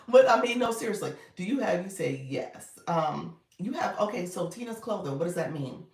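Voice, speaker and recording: A woman coach speaks at a normal pace in a fairly low, expressive voice during a relaxed livestream. Greeting people and reading comments, she's encouraging, laughs frequently and calls viewers "friend." The room echoes and she's a bit far from the microphone.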